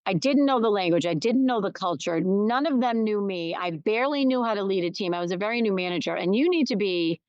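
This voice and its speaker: A woman's voice: medium pitch, animated, brisk, hardly any pauses, a little mellow, dry recording, lo-fi sound. A middle-aged woman hosting a solo podcast, telling a personal story candidly, with restarts and emphatic repetition. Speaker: podcast host. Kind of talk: reflective solo podcast talk.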